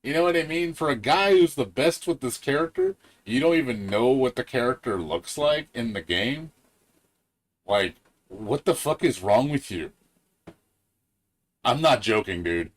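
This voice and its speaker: A man's voice: mid-range voice, lively intonation, measured pace. A man ranting on a gaming live stream, profane and heated, mocking other people in quoted voices. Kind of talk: casual gaming stream rant.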